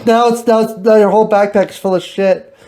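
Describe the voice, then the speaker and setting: A woman's voice: medium pitch, fairly even intonation, a little fast, mellow. A woman hosting a casual improvised chat, teasing and laughing often. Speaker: host.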